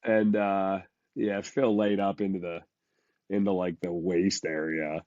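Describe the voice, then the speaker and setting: A man's voice: deep voice, little pitch movement, a little mellow, no echo, dull audio. Stuffy-voiced man on a casual podcast. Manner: halting, many fillers and restarts. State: congested from a cold. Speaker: podcast co-host. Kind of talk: casual chat.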